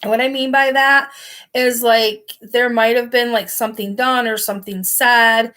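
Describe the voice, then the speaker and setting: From her bed, a woman gives a casual tarot reading to the camera in front of her, rambling and leaning heavily on filler words like "like". Her voice is on the high side, steady and sharp in tone, at normal speed.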